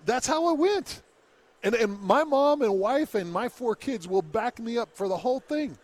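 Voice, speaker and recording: A man's voice: very high voice, normal speed. A man from Utah hosting a casual chat, telling a story with lots of laughter and acted-out bits. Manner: animated, laughs often, acts out the people in his story. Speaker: podcast host telling a story.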